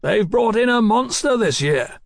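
A hearty, enthusiastic engineer, voiced by a male narrator in a lifted, lively register. A gravelly texture sits under his speech, and the sound is dry and close. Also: a little high, normal speed, no room sound, voice pushed up. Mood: shouting. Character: cheerful, practical male engineer.

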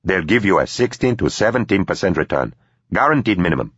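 A man reading an earnest investor making his pitch. The voice is deep and husky. The recording is dull and dry. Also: big pitch swings, a little fast, a bit bright, no echo, exaggerated voice.

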